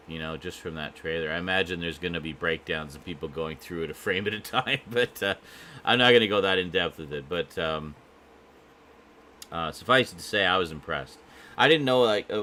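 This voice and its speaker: A man's voice: low voice, bright, forceful tone, a little hiss or hum. A man hosting a casual live stream, chatting with viewers in a rambling way full of fillers and restarts.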